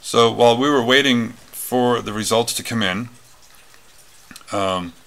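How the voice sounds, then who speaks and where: A man's voice: mid-range voice, measured pace, creaky, a bit bright. A man telling a personal story in a casual talk, rambling with many fillers and restarts. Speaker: retreat speaker.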